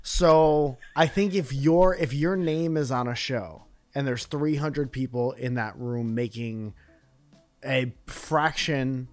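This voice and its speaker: A man's voice: mid-range voice, slow pace, soft background music. A man co-hosting a podcast in casual chat, rambling with dry jokes. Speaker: podcast co-host.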